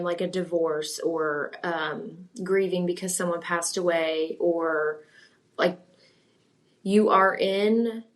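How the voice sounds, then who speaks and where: A woman financial planner, a guest on a podcast, explaining and advising with many fillers. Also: on the low side. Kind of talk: casual interview conversation.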